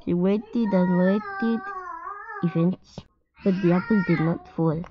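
A woman reading a picture book aloud to children in a clear storytime manner. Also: fairly low pitch, sing-song, takes it slowly, muffled recording.

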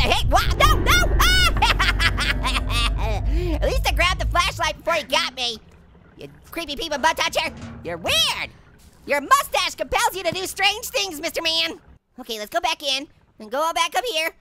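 A woman's voice: big pitch swings, measured pace, over music, heavily acted. A woman voicing a hyper, giggly cartoon orange who rambles and jokes through a let's play commentary. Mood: goofy. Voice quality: squeaky, bouncy, silly. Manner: rambling, joking, giggling at own gags. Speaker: gameplay commentator.

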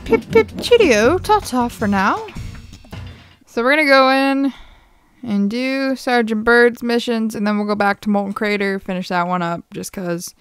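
A woman's voice: on the high side, steady tone, normal speed, a bit bright, smooth. Casual young female streamer, jokey and profane, over light game music. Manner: chatty, swears, jokey asides. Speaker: let's play streamer. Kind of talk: casual gameplay commentary.

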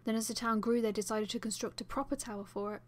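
A woman reading a first-person fan audiobook as its narrator, with expressive delivery. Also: on the high side, fast talker.

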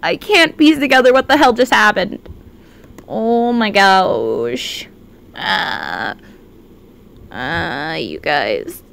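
A woman streaming a game, chatting casually and reacting with excited exclamations and swearing. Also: medium pitch, very slow, gravelly, long pauses. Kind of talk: casual live-stream chat.

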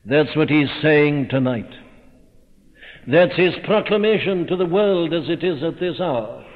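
A man preaching in a slow, stately, measured way that swells with force at moments. His voice sits fairly high and carries a long hall reverb. The recording is thin and phone-like, as from an old church tape. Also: expressive. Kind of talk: sermon. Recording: tinny narrow-band recording in a reverberant hall.

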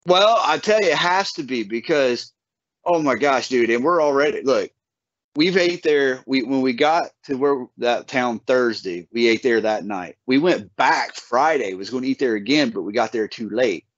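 A man's voice: mid-range voice, expressive, dry recording. Folksy man telling stories, dull dry audio. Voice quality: laid-back, folksy storytelling with drawn-out words. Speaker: podcast host. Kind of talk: casual podcast chat.

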